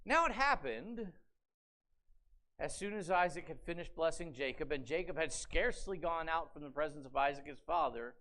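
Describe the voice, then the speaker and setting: In a church sanctuary, a male pastor preaches as an animated storyteller, dramatizing scripture and posing rhetorical questions to the congregation. His voice sits on the high side, and he speaks at a normal speed.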